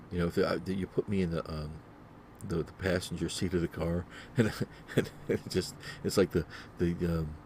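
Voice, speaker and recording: Male solo podcast host, deep mellow voice, rambling and repetitive, heavy on fillers. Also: slight background noise. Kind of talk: solo casual podcast monologue.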